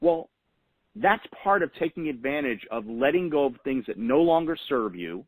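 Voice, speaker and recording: A man gives a motivational coaching talk over a phone call. He sounds earnest and leans on repeated phrases to drive his points home. His voice sits at an ordinary pitch, and the sound is close and dry, with no room around it. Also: sing-song, normal speed, no echo. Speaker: motivational host of a weekly huddle call.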